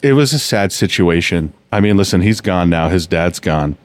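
Deep-voiced man telling stories. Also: normal speed, no echo. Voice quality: low, relaxed storytelling with frequent restarts. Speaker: podcast host. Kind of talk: casual storytelling chat.

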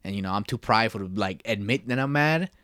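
Fast-talking young man, casual podcast chat. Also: fairly low pitch, lively intonation, a bit bright, clean tone, dry recording, clean studio sound. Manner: rambling, filler-heavy, swears often. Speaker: podcast co-host. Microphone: podcast mic.

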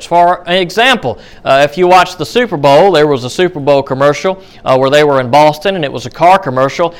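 A man's voice: a little high, a bit bright, clear, resonant tone. A man teaching a Bible study class in a conversational way, with many fillers and restarts. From United States.

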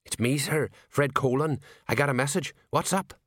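A man's voice: mid-range voice, normal speed, fairly bright tone, dry recording, clean studio sound, voice pushed up, natural voice. A man reading an audiobook voices a plain-spoken middle-aged male watch sergeant who talks colloquially and is easily alarmed.

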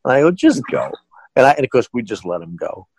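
A man who manages a haunted house, telling a funny customer anecdote with animated delivery and frequent laughs. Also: medium pitch, very fast, slightly rough, no room sound, low-quality recording. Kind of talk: storytelling anecdote.

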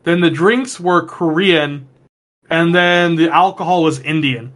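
A man's voice: a little high, a little slow, fairly bright tone. A man co-hosting a podcast, telling loose, rambling stories in casual chat and swearing freely.

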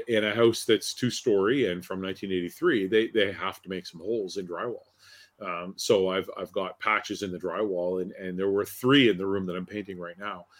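A man with a fairly low voice talks casually as a podcast co-host. He rambles and often repeats his words before getting them out. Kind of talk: casual chat.

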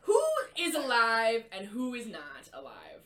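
A young woman co-hosting a casual podcast, reading articles aloud haltingly and reacting with disbelief. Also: on the high side, huge pitch swings, a bit bright, poor audio. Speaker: podcast co-host.

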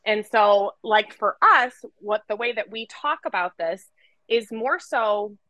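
A woman co-hosting a casual podcast, chatting with lots of energy and a playful streak of swearing. Her voice is bright and forward. It sounds close and dry, with no room around it. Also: mid-range voice, expressive, unhurried, no echo, poor audio. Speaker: podcast co-host.

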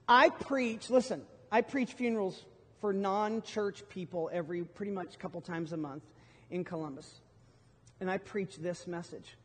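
Preaching a sermon, a middle-aged male pastor tells stories with emphatic swells and sudden loud bursts. His voice is high for a man and rings out with a long reverb tail through a large hall.

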